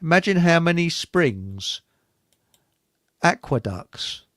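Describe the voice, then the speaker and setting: A man's voice: a little high, sing-song, fairly bright tone, dry recording, studio quality. A British man hosting a casual chat show, joking and rambling, reading out viewer comments. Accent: British English. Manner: joking, rambling, quick laughs. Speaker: show host.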